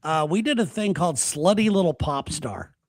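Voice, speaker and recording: Male talk host, high-ish voice, dry close sound, chatty storyteller. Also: expressive, normal speed, dry recording. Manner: storytelling, laughs while talking. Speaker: radio show host. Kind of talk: casual chat.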